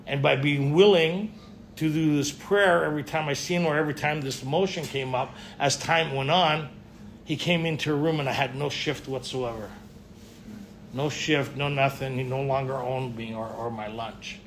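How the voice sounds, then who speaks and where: A man's voice: medium pitch, normal speed. A man speaking casually to a group at a retreat, often checking in with his listeners. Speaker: recovery speaker at a men's retreat. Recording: faint room ambience and noise.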